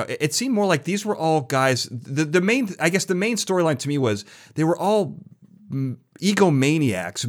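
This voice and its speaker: A man hosting a podcast interview, telling stories with lively restarts and stumbles. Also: fairly high pitch. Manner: animated storyteller, many restarts. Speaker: podcast host. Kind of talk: conversational interview.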